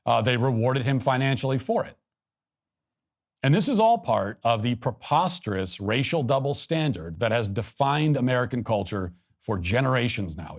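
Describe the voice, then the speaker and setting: Brief: male commentator, declamatory scripted monologue, lively rise and fall in his pitch. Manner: measured, emphatic, declamatory. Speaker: political commentator.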